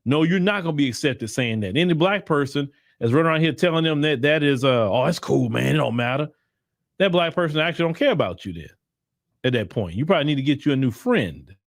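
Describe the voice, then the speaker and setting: A man's voice: on the high side, expressive, quick pace, no room sound, clean studio sound. A man giving blunt, emphatic opinion commentary in casual slang, often repeating himself for emphasis. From United States. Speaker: commentary channel host.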